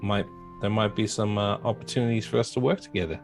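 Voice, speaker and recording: A man's voice: fairly low pitch, fairly even intonation, fast, creaky, soft background music. A man playing a tabletop role-playing game, speaking in character hesitantly with many fillers. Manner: hesitant, many uhs and you-knows. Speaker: player.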